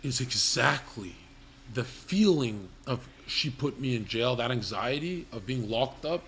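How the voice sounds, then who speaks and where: A man's voice: medium pitch, lively intonation, unhurried, fairly bright tone, a little hiss or hum. Profane rambling man telling stories. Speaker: livestream host. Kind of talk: crude comedic storytelling.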